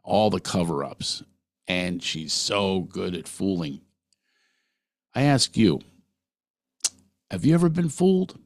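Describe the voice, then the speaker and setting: A man's voice: low voice, very animated, slow, pauses often, no echo. A middle-aged man hosting a podcast, talking earnestly through a personal monologue and putting questions straight to the listener. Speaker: podcast host.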